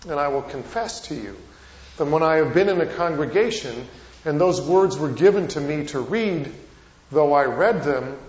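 A male pastor preaching a sermon, telling stories with rising and falling emphasis. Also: sits high. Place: church sanctuary. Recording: echoey church, dull lo-fi sound.

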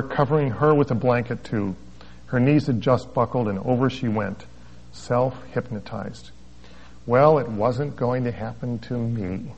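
A man's voice: mid-range voice, darkish tone. A man preaching as a pastor, reading a story aloud with wry asides and chuckles, on a dull lo-fi recording. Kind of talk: sermon with a read-aloud story.

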